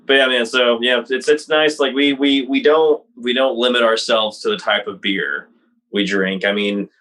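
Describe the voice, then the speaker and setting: A man's voice: medium pitch, fairly even intonation, normal speed, fairly bright tone. A man in casual podcast chat, laid-back and swearing freely.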